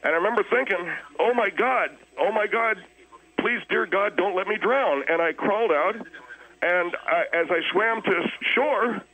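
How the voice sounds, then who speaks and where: A man's voice: high-pitched, normal speed, pushed and bright, exaggerated voice, rough recording. A man playing a rambling, defensive boater who tells his mishaps at length. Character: middle-aged man, blustering hapless boater.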